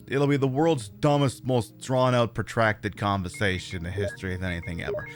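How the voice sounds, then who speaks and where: A man's voice: fairly low pitch, steady tone, brisk, hardly any pauses, soft background music. A man streaming a game, rambling and joking about himself as he plays. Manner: rambling, self-mocking and jokey. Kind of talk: live gameplay commentary.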